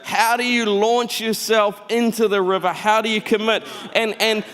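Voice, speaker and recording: A man preaching a sermon as pastor, telling stories in an animated, conversational way. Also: high-pitched, moderate pace, clean tone. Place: church auditorium. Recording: church hall reverb.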